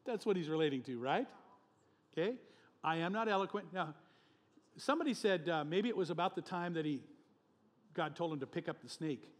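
A male pastor preaching a sermon with emphatic, animated delivery, often chuckling between points. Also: a little high, long reverb tail.

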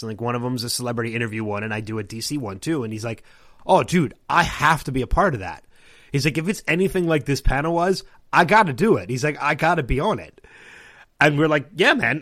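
Animated man telling a story. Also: medium pitch. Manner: animated anecdote-telling, acting out others' lines. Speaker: podcast host. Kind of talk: casual storytelling chat.

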